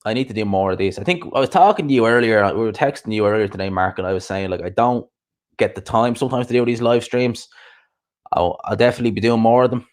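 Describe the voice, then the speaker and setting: A man's voice: on the low side, quick pace. A man hosting a boxing channel, rambling casually on a live stream as he answers viewer comments aloud.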